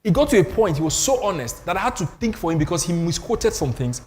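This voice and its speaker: A man's voice: high-pitched, big pitch swings, quick pace, darkish tone, in a large hall, slight background noise. An older Nigerian man hosting a panel on faith, telling stories with emphasis and self-deprecating humor. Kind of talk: animated panel talk on church.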